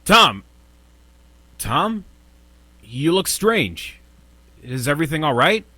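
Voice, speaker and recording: A man's voice: a little high, big pitch swings, slow, sharp tone, no room sound, full character voice. An actor playing a betrayed young man who narrates his own story in first person in a video game. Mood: anxious.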